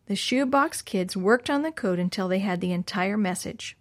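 A woman narrating a children's story aloud in a plain, steady reading voice. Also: mid-range voice, moderate pace.

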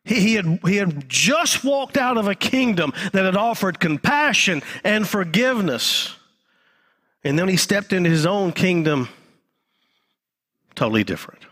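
Pastor preaching live, fairly high voice, repeats stuff and goes quiet low for emphasis. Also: male voice, animated, a little slow, slightly rough. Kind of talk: sermon. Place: church.

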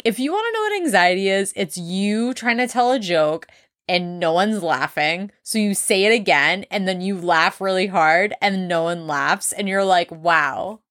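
A young woman with an East Coast American accent hosting a solo podcast, talking fast, candid and profane, rambling from one thought to the next. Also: mid-range voice, animated, a bit bright, dry recording, clean studio sound. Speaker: podcast host.

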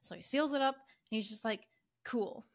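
Chatty woman with a higher voice. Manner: animated, acts out characters' lines in quick quoted voices, many fillers. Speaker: podcast co-host. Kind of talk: casual chatty story summary.

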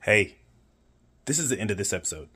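Male podcast host, low register, casual storyteller who acts out the quotes. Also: a little fast, husky. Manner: animated, acts out quoted voices with big pitch jumps.

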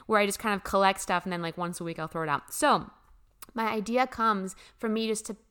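A woman's voice: medium pitch, steady tone, fairly quick, fairly bright tone, smooth. A young woman telling a spiritual story in casual chat, gushing and emphatic, swearing casually and often laughing. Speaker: spiritual vlogger.

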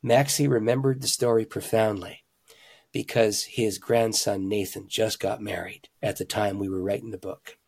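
A man, a pastor and author, telling stories in an interview with animated emphasis, swinging between loud, excited lines and hushed ones. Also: lowish voice, moderate pace, creaky, slightly rough. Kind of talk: conversational storytelling.

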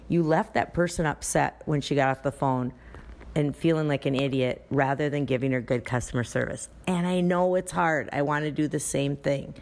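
Low-voiced woman chatting on a podcast. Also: normal speed, a little mellow. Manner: chatty, anecdotal, restarts often. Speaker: dance studio owner and podcast host. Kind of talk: casual podcast talk.

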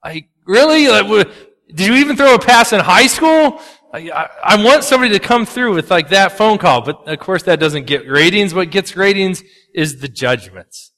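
A man delivers a sermon in a chatty, lively way, punching up jokes and then dropping low and earnest. His voice is fairly high and sharp-edged. It carries a long reverb from a church sanctuary. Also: moderate pace. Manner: animated, conversational, swings between loud punchy asides and quiet earnest lows. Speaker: pastor.

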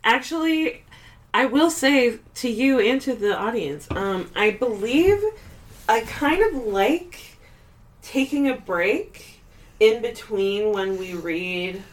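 A woman's voice: a little high, animated, takes it slowly. A woman co-hosting a podcast in casual chat, rambling and laughing often, with the odd curse. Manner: giggly, rambling, swears casually. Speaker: podcast co-host.

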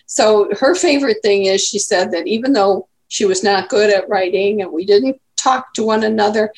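A woman in her eighties, chatting casually as an interview guest and telling rambling stories. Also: a little high. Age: 80s. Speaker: guest grandmother.

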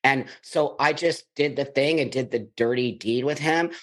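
A man's voice: medium pitch, normal speed. A middle-aged man from the United States, a podcast guest, telling his life story in blunt, emphatic conversation. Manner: emphatic, blunt, animated in retelling.

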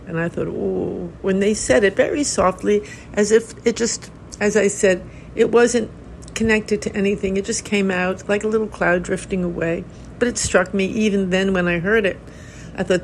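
An older woman gives a reflective talk as a Zen teacher, gentle and unhurried, breaking into soft laughs and restarting her sentences. Her voice has a gravelly, slightly fry-laden texture at a middle pitch. A faint hiss sits under the recording. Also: fairly even intonation, rough recording. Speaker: Zen teacher hosting a podcast.

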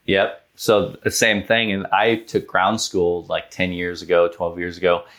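Low-voiced man telling an earnest story. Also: unhurried. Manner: earnest, animated storyteller with frequent "like". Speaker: guest, business owner. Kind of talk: storytelling in a podcast interview.

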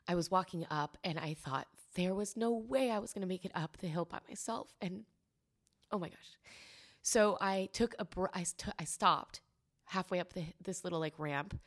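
Candid low-voiced single mom sharing. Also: female voice. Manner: candid, emotional, filler-heavy. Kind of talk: personal storytelling and advice.

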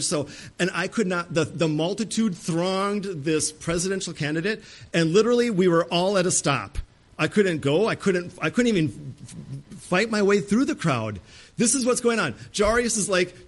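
A man's voice: on the high side, normal speed. A middle-aged male pastor preaching a sermon, dramatic and acting out the pleas of Bible figures.

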